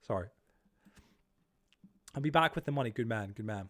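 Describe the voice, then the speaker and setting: A man's voice: mid-range voice, big pitch swings, normal speed, pauses often. Chatty, cussing male streamer. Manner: chatty, swears freely, reads viewer chat aloud and reacts. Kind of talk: casual live-stream chat while gaming.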